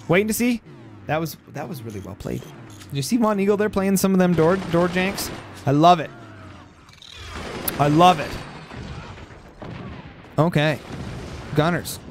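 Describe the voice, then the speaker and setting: Calling a strategy game blow by blow, the game caster has a high-pitched voice slightly stuffed up by post-nasal drip. He gets worked up and shouts loudly at key moments, and a little hiss or hum runs through the audio.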